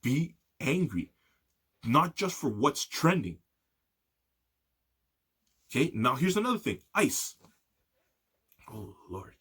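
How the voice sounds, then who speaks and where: Husky-voiced man ranting with heavy profanity. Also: medium pitch, big pitch swings, slow pace, long pauses, fairly bright tone. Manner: profane, heated, repeats "okay". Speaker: podcast host. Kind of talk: solo ranting monologue.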